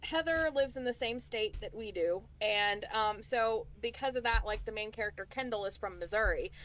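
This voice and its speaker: A woman's voice: a little high, moderate pace, a bit bright. A woman co-hosting a casual book chat, rambling with fillers and restarts as she recaps a story. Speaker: book channel co-host.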